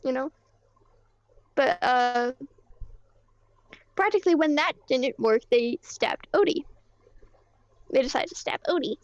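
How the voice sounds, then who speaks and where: A woman playing a shaken young player character, telling her story in a rambling, halting way full of fillers and swearing. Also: sits high, no room sound. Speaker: roleplay character recounting events. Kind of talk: casual in-character roleplay storytelling. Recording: dull lo-fi mic.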